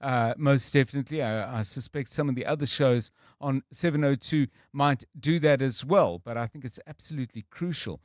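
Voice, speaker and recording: A man's voice: mid-range voice, moderate pace, few pauses, no room sound, clean studio sound. A South African man hosting a talk radio show, conversational as he reads out listener messages. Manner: conversational, chuckles while reading listener messages. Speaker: radio host.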